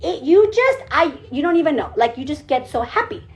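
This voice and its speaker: Very high-voiced energetic woman coach. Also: fairly quick. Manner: energetic and emphatic, repeats phrases. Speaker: team leader. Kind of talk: motivational pep talk on a group call. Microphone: call audio.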